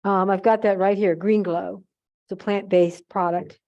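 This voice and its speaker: Older american lady rambling through a story while she crafts, chatty and animated, middle-pitched voice. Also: normal speed, dull audio. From United States. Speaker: craft demonstrator at a museum holiday event.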